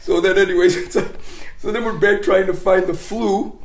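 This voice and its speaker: A man with a fairly high voice tells a funny story in a loose, rambling way, often restarting his sentences and laughing. He sounds like he is recorded in an echoey room. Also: normal speed. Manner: animated, rambling, restarts and laughs while telling. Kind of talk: casual storytelling chat.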